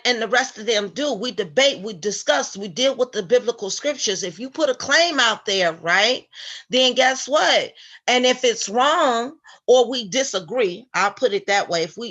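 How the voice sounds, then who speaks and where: A woman with a bright, forward voice hosts a Christian live stream. She greets her viewers by name and talks in a preachy, animated way. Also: a little high. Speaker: Christian online show host. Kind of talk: casual live-stream commentary.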